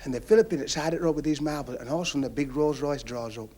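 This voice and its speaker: A man's voice: fairly high pitch, rapid-fire, mellow. Male comic spinning a yarn. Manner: chatty storyteller, drops to confiding asides. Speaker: stand-up comedian. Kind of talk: stand-up joke telling. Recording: 1970s television studio recording.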